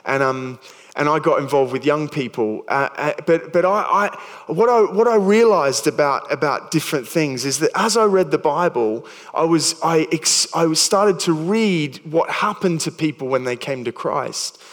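Speaking at normal speed with an expressive, slightly high voice, an Australian man in his thirties preaches in a church hall. His sermon is chatty and stumbling, full of self-deprecating jokes, with a long reverb tail.

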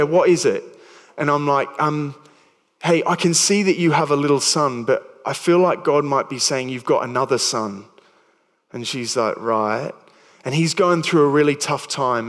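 A man preaching a sermon in a casual, conversational way, telling a story with many restarts. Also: mid-range voice. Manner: growing soft and hushed while praying. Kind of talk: sermon with storytelling and altar call. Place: church hall. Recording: long hall reverb.

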